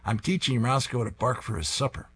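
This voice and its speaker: A man voicing an old grandfather who explains things in a soft, matter-of-fact way. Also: medium pitch, brisk, slight background noise, lightly acted. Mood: deadpan explaining.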